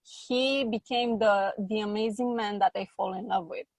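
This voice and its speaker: A woman coaching a client through feelings and then guiding a slow healing exercise, repeating short phrases calmly. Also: mid-range voice, no room sound, poor audio. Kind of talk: guided coaching session.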